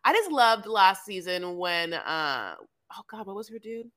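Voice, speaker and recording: A woman co-hosting a podcast in loose, casual chat. She rambles and riffs playfully, jumping from thought to thought. Her pitch sits in a middle range. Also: unhurried. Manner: rambling, playful, animated riffing. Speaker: podcast co-host. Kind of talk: casual chat recapping a reality show.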